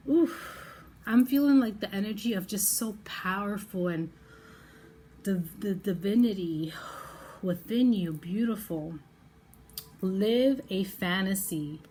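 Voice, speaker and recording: A woman giving a pick-a-card tarot reading to the viewer in an effusive, excitable way. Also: mid-range voice, slow pace, pauses often, slightly rough. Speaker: tarot reader.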